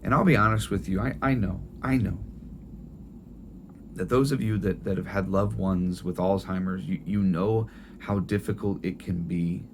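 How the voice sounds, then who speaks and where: A middle-aged man preaching a sermon in a gentle, tender storytelling way, often restarting his phrases. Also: sits low, steady tone, normal speed, background noise. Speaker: pastor.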